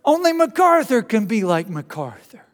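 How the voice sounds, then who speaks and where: A man doing a high-voiced, animated old preacher. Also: moderate pace, in a large hall. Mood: earnest, animated. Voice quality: high-pitched, excitable.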